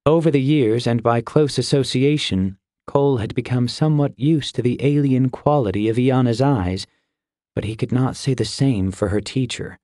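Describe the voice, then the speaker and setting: A man's voice: mid-range voice, normal speed, mellow, no room sound, studio quality. Man narrating a fantasy audiobook.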